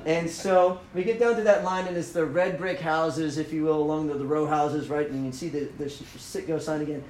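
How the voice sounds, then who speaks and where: A man telling a story in a casual talk, animated, often laughing and acting out the lines he quotes. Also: fairly high pitch, a little fast, roomy sound, slight background noise, low-quality recording. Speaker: speaker telling a running story.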